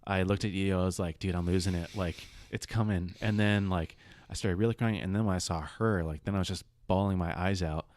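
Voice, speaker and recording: Deep-voiced young man rambling casually. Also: fairly even intonation, a little fast, hardly any pauses, darkish tone, dry recording. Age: 20s. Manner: rambling storyteller, full of side stories and fillers. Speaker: podcast host. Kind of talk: casual podcast chat.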